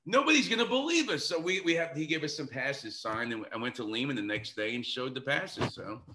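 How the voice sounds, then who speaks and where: A man telling a rambling, excited, profane story as a guest on a podcast. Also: mid-range voice, fairly quick. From New York City. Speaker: guest musician.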